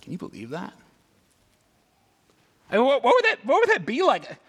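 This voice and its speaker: An extremely high-pitched, husky male voice moves at a moderate pace. He's a pastor giving a conversational, animated sermon, asking many rhetorical questions and often adding "right?"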